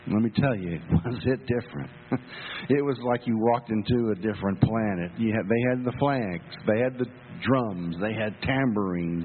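A male pastor delivers a sermon at an unhurried pace, leaning into repeated phrases as he tells a story. The sound is narrow and phone-like, with long reverb from the church hall and a faint mains hum underneath. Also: mid-range voice. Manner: storytelling preacher, emphatic, with repetitions. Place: church sanctuary.

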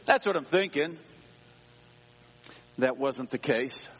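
A male pastor telling a personal story in a sermon, dramatic, dropping to a hush and rising again. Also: medium pitch, lively intonation, slow pace, husky. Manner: dramatic, swings between hushed and raised voice. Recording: dull sound with long hall reverb.

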